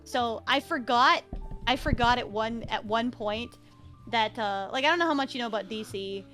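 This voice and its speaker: Young female VTuber, lively storyteller, high bright voice, faint music behind. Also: moderate pace. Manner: animated storyteller, acts out her own reactions. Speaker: VTuber guest. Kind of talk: casual stream chat.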